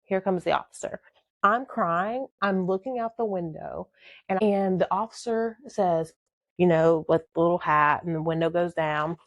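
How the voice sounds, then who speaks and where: A woman's voice: fairly low pitch, normal speed, dry recording, lo-fi sound. Emotional woman telling her story. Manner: emotional, animated, dramatic. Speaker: podcast host telling her life story. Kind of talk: personal storytelling.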